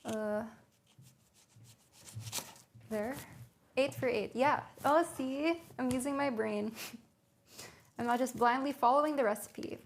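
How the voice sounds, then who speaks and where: A young woman chats with viewers from her home kitchen, reading out recipe steps and musing aloud between them. Her voice sits a little high, and she takes her time with every phrase. Soft kitchen noise hums faintly behind her. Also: takes it slowly, long pauses. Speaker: livestreamer. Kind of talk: casual cooking stream chat.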